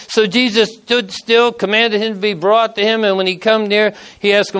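A man's voice: high-pitched, steady tone, moderate pace, hardly any pauses, fairly bright tone, clean tone. A man in his sixties preaching a casual, folksy sermon, telling stories and acting out quotes in everyday speech. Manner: folksy, conversational, acts out quotes. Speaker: pastor.

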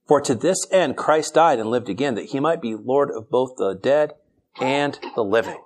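A man's voice: mid-range voice, moderate pace. Conversational man preaching a sermon. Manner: conversational and humorous, reads scripture then explains it.

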